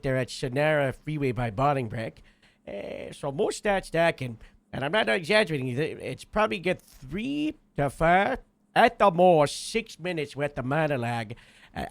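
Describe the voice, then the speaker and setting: A man's voice: on the high side, gravelly, dry recording. A man telling a long story in character during a roleplay game, rambling with lots of filler and restarts.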